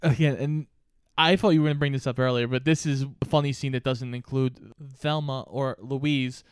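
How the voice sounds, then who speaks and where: A man's voice: mid-range voice, fairly even intonation, moderate pace, clear, resonant tone, no room sound, studio quality. A man co-hosting a podcast, chatting casually about a movie, joking and quoting other films. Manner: jokey, quotes movies, laughs along. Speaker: podcast co-host.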